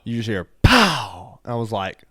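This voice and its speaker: A man co-hosting a casual podcast, telling stories animatedly, swearing freely and acting out other people in loud bursts. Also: fairly low pitch, brisk, clear, resonant tone. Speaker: podcast co-host. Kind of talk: casual storytelling chat.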